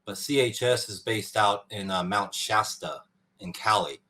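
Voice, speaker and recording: A man with a low voice talks easily as a podcast co-host. He explains ideas loosely and pads his sentences with fillers. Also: measured pace, bright, forceful tone. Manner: easygoing, explanatory, filler-heavy. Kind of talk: casual podcast chat.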